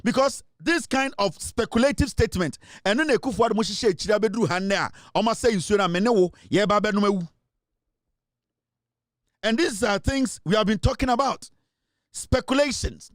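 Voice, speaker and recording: A man's voice: high-pitched, brisk, no room sound, studio quality. A Ghanaian man giving impassioned political commentary, emphatic and scolding, switching between Twi and English.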